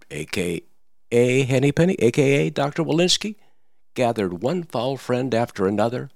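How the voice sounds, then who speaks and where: A man's voice: mid-range voice, creaky, no echo, studio quality. A man giving satirical political commentary, telling a mocking fairy tale in a theatrical, sing-song way.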